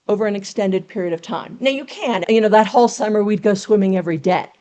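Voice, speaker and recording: Teacherly woman with a bright, higher voice. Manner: teacherly, earnest, explains step by step with rhetorical questions. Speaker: memoir writing coach, podcast guest. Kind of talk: explanatory interview talk.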